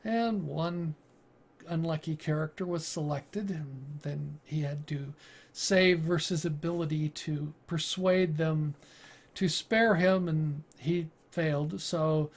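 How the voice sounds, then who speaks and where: A man who is a game master and YouTuber, telling stories from his campaigns in a deliberate, halting way. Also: on the high side. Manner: slow, deliberate, halting with fillers and restarts. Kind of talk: casual storytelling monologue.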